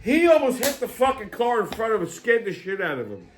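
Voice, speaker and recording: A man's voice: sits high, sing-song, fairly quick, a little hiss or hum. A middle-aged man, hosting a show and telling a rambling, profane anecdote while laughing often. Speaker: podcast host. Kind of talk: casual storytelling monologue.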